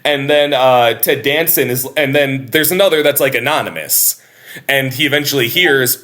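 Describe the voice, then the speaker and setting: A man co-hosting a casual podcast, talking in an animated way, laughing often and swearing casually. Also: mid-range voice, normal speed. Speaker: podcast co-host.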